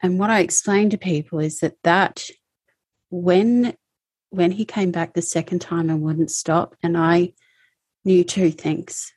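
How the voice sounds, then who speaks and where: Husky low-voiced woman giving testimony. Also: steady tone, a little mellow, dry recording. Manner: halting, emotional recounting. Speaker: interview guest. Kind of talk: personal testimony.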